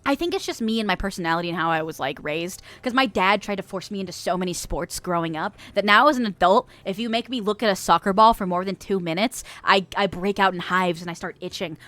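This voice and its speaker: A woman's voice: medium pitch, fast, a bit bright, dry recording. An American woman in her twenties or thirties, chatting casually with her stream chat, swearing and laughing often, with a stuffy nose. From United States.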